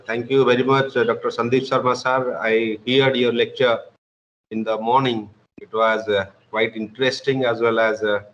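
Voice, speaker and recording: A man's voice: mid-range voice, a bit bright, muffled recording, a little hiss or hum. A man lecturing as a guest professor, speaking hesitantly with many filler sounds. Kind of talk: online lecture.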